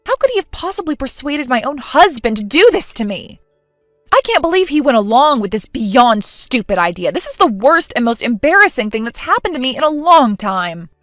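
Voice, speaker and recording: This is a woman voicing a hurt young bride who speaks in an indignant, exasperated way. Her voice sits a little high and moves a lot. It sounds dry and close, with faint music behind. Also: very animated, moderate pace, fairly bright tone, dry recording.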